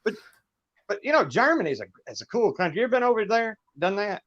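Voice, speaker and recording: Folksy southern man, high voice. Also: big pitch swings, fast talker, a bit bright, dry recording, lo-fi sound. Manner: folksy, rambling storyteller who laughs often. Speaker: guest musician. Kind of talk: casual livestream chat.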